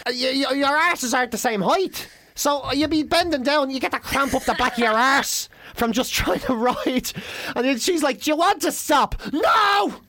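A man's voice: extremely high pitch, normal speed, hardly any pauses, pushed and bright, no room sound. A man co-hosting a podcast, telling crude comic stories, swearing a lot and hammering his points with repetition. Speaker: podcast co-host.

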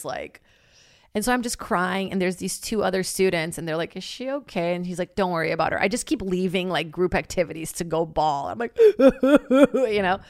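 A woman's voice: on the low side, dry recording, studio quality. A young woman telling stories in casual chat, rambling with lots of "like" and laughing often.

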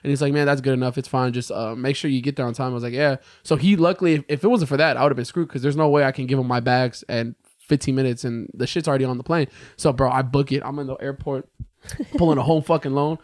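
A fast-talking young American man with a mid-range voice co-hosts a podcast, recounting a story in relaxed, animated chat peppered with profanity. When he quotes himself he jumps into a raised voice, and the sound is dry and studio-clean.

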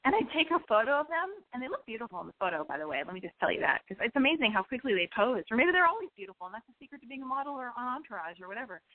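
A woman's voice: fairly high pitch, rapid-fire, hardly any pauses. Rambling woman with tinny phone-line sound. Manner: animated and rambling, many restarts and asides. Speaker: storyteller. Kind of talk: comic storytelling monologue.

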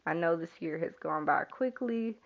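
A woman hosting a spiritual podcast, speaking softly and soothingly as she guides listeners to breathe. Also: on the low side, lively intonation, moderate pace, highs cut off. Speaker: podcast host. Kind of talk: spiritual podcast talk, calm and reflective.

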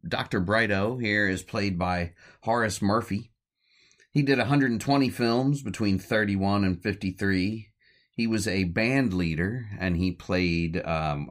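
A man hosting a podcast, retelling an old comedy short in a loose, rambling way and chuckling as he goes. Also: low voice. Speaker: podcast host. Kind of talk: casual film recap.

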